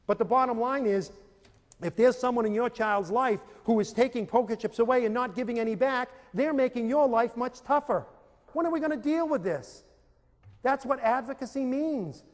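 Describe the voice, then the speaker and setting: A man giving a motivational talk to parents and teachers, telling animated stories and acting out scenes. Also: extremely high pitch. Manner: animated storytelling, acts out scenes. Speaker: speaker. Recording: long hall reverb.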